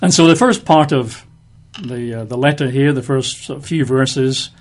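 A man's voice: medium pitch, moderate pace. Conversational man teaching the Bible. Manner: explanatory, uses everyday examples.

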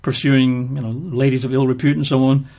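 A man's voice: mid-range voice, level tone, brisk, dark tone. A man giving conversational Bible teaching, explaining verses with everyday examples.

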